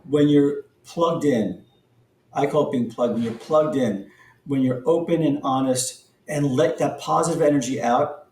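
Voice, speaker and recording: Brief: middle-aged male podcast guest, storyteller, excitable rises, roomy distant recording. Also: a little high. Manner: animated, voice jumps up in excited bursts. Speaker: podcast guest, company founder. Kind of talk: storytelling in an interview. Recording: echoey room, distant from the mic.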